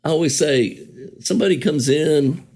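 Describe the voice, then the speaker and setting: Speaking at a moderate pace in a fairly high, slightly mellow voice, a songwriter guest reminisces about an old friend in relaxed, rambling conversation. He often corrects himself and chuckles while he talks.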